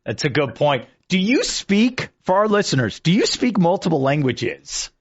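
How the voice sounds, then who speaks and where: A man's voice: on the high side, very animated, normal speed, slightly rough. A man hosting a radio show, chatting eagerly with his guest in a casual interview. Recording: dull lo-fi video call audio.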